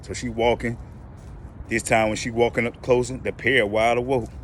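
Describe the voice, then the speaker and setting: A man casually telling a joke in a relaxed, colloquial way, recorded outdoors near traffic. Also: mid-range voice, normal speed. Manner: relaxed, colloquial, lively delivery. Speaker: joke teller. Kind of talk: casual storytelling.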